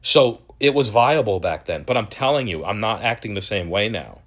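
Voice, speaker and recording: Here the young crypto-channel host delivers ranting video commentary in a lowish, expressive, fairly bright voice at normal speed. He comes across as profane, exasperated and mocking.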